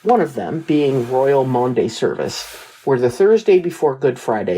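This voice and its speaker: Husky low-voiced woman, laughing podcast co-host. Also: mellow, rough recording. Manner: laughs often, blunt casual swearing. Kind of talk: casual recap and commentary.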